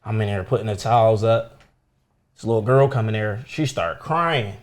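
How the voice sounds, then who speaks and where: A young man, a comedian guest telling stories in casual chat, profane and animated, acting out the people in his stories. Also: fairly low pitch, normal speed.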